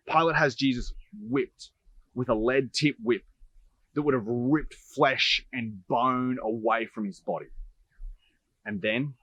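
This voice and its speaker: A man with a medium-pitched voice narrates a sermon story at a lively clip. He often lets his phrase endings fall away quietly. The recording is dry and close. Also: dry recording. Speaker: preacher.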